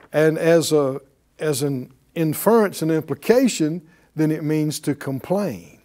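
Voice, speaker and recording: A man's voice: on the high side, slow, warm tone. A man teaching a sermon in a conversational way, asking his listeners questions and chuckling often. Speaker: preacher.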